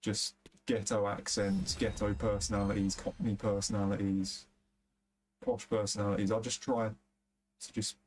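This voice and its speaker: A young man with a lowish voice and a London-area accent talks casually on a game stream. He rambles, swears freely and scatters fillers through his sentences, like someone talking to his chat from a desk mic. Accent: London area English. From England. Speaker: gaming streamer.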